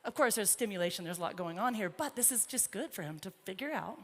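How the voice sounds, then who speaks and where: During a live demonstration in a large indoor horse arena, a woman trainer chats encouragingly with her colt and the crowd. Her medium-pitched voice moves fast, with lively intonation, and the arena sound is reverberant with faint noise.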